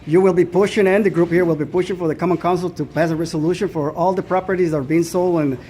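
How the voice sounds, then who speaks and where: A male reporter at a press conference asking hesitant, halting questions. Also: sits high, steady tone, warm tone, a little hiss or hum. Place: indoor hall at a press conference.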